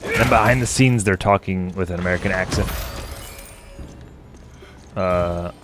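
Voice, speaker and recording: This gaming streamer keeps up a loose, rambling chat with his co-player during a co-op session. His voice sits low and unhurried, with background noise in the recording.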